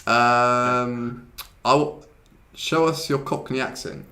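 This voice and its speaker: A man's voice: mid-range voice, fairly even intonation, slow, sharp tone. A man hosting a live online English lesson, chatting casually with a co-host and reading out viewers' questions. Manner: chatty, switches to Korean to explain. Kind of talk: casual teaching chat.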